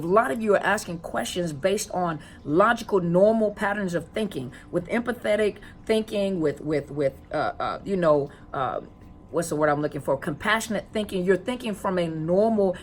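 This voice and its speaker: A woman's voice: mid-range voice, animated, brisk, a little hiss or hum. A woman counselor giving a casual educational talk to viewers, conversational, with many rhetorical questions and repeated phrases. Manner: stalls with fillers while searching for words. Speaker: counselor and coach on narcissistic abuse.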